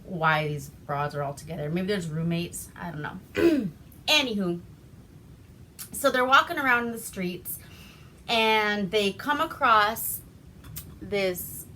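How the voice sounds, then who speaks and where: A woman's voice: mid-range voice, animated, a little slow, sharp tone, slight background noise. A woman from Alaska recapping an old movie in a rambling, foul-mouthed, laughing way. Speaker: movie reviewer. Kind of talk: casual profane movie recap.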